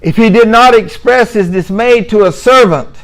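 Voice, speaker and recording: A man's voice: sits high, normal speed, rough recording. A middle-aged man giving a religious lecture, emphatic and given to sarcastic asides. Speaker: Muslim speaker giving a talk.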